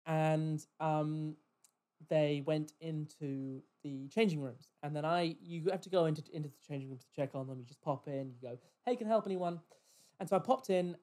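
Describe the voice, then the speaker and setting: A man on a podcast telling a story about a rude customer in casual chat, swearing and acting out what people said. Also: fairly high pitch. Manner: animated, swears, mimics customers in quoted voices. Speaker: podcast host. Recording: poor quality audio.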